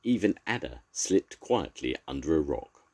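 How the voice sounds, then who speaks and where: Very deep-voiced older man reading aloud. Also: normal speed. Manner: expressive, lively storytelling. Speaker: grandfather storyteller. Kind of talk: children's story read aloud.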